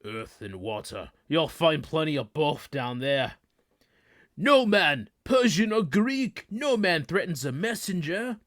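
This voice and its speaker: A man's voice: on the high side, big pitch swings, slow, no echo, clean studio sound, exaggerated voice. A man doing a bellowing Spartan king. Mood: furious. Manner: roaring, with hushed menacing drops. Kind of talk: movie scene reenactment.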